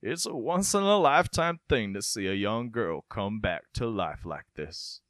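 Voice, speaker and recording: A man puts on an old-fashioned country doctor with a slow Southern drawl, marveling at what he has seen. The voice sits at an ordinary pitch but swings widely. The sound is close and dry, with no room behind it. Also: lively intonation, fairly bright tone, no echo. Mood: amazed. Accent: put-on Southern US. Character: rural male small-town doctor, amazed.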